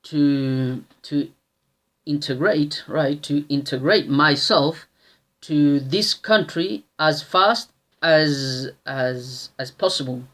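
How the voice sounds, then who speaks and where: Man in his thirties, slow and halting, lots of restarts. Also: fairly high pitch, a bit bright. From Australia. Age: 30s. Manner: slow and halting, with many restarts and tag questions. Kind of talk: casual personal storytelling.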